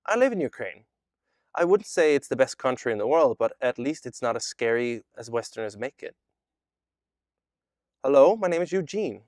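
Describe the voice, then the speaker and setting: A man's voice: mid-range voice, clean tone, no echo, clean studio sound, natural voice. A man reading as a chatbot posing as a boy. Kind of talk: reading a chat transcript aloud.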